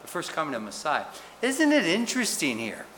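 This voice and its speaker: Man, pastor, sermon, lively rhetorical questions, bright forceful voice, faint background hiss. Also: fairly high pitch, a little fast. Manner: animated, rhetorical questions, frequent "right?". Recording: reverberant hall with faint noise.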